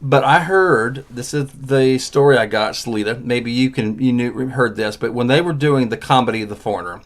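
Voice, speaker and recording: Host type: relaxed man, casual webcast talk, reads listener questions. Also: mid-range voice, normal speed. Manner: laughs often, reads audience questions. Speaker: podcast host.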